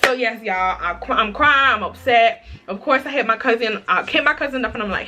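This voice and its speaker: A young woman chatting through a casual storytime vlog, dramatic and expressive, often calling her viewers y'all. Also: on the high side, fairly quick, few pauses. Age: young adult. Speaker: vlogger.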